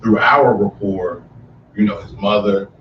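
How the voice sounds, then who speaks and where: A man co-hosting a podcast, speaking earnestly and thoughtfully, building his point slowly. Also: on the low side, slight background noise. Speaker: podcast co-host. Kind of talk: casual podcast conversation. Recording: echoey room, distant mic, dull sound.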